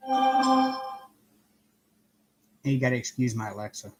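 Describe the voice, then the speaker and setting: A man's voice: on the high side, expressive, unhurried, faint music behind. A man hosting a casual live stream from home, cheerfully greeting viewers one by one by name while he works on a craft project. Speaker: livestream host.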